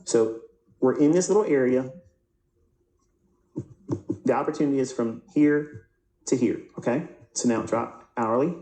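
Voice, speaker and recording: A man's voice: mid-range voice, a little slow, long pauses, warm tone, roomy sound, rough recording. A man teaching a live trading lecture over price charts, who asks rhetorical questions and answers them himself and often repeats or restarts words. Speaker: trading instructor.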